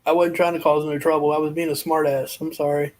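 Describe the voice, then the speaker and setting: A man's voice: fairly high pitch, level tone, fast talker, rough recording. A man joking and teasing on a live stream, often stumbling and repeating words. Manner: joking, self-mocking, stumbles over words. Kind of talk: casual joking chat.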